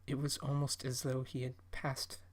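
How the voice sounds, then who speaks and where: A man narrating a horror story in a measured, steady storytelling delivery. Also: mid-range voice.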